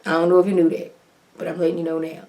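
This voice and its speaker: An animated woman talks through a TV episode in a loose, folksy way. She keeps jumping into the characters' lines, her voice shooting up high for the reactions. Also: rapid-fire. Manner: folksy colloquial talk. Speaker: TV recap vlogger. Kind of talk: casual episode recap.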